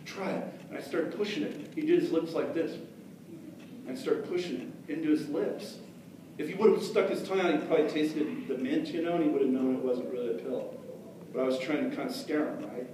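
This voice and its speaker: A man's voice: on the high side, brisk. A man telling a story live to a crowd of kids, chatty and asking them questions. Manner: chatty, asks the audience questions. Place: storytelling festival hall. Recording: echoey hall from far off, noisy.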